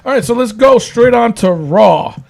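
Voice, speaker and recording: A man hosts a casual wrestling chat in a high, lively voice that swoops around. He rambles, restarting sentences and leaning on fillers as he goes. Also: normal speed, creaky, soft background music. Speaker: podcast host.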